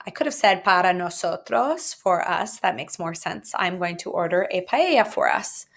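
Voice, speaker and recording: A woman's voice: medium pitch, animated, normal speed, hardly any pauses. A woman teaching a recorded Spanish grammar lesson with jokey, playful asides.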